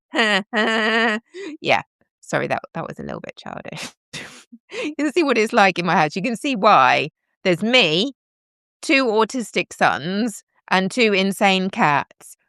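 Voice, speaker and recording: A woman with a medium-pitched, slightly bright voice hosts a casual livestream from home, speaking into a plugged-in mic while wearing headphones. She rambles, chats with viewers, and jokes at her own expense. The sound is clean studio quality with no echo.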